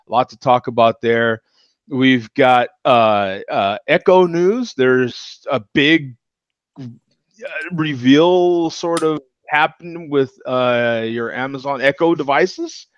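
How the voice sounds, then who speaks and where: A man's voice: mid-range voice, slow pace, no echo. Guy hosting a laid-back drinks chat, rambly, muffled dry mic. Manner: loose, rambling, chuckling. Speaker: host. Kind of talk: casual chat.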